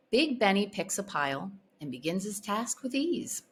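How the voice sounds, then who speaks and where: A woman reading a children's picture book aloud in a clear, expressive manner. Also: medium pitch, normal speed. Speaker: storybook reader. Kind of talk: read-aloud storytelling.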